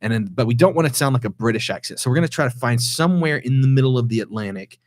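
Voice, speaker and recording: A man's voice: medium pitch, animated, rapid-fire, a little mellow, no room sound, clean studio sound. A man co-hosting a podcast, talking in a loose, rambling way with many restarts. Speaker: podcast co-host. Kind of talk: casual chat.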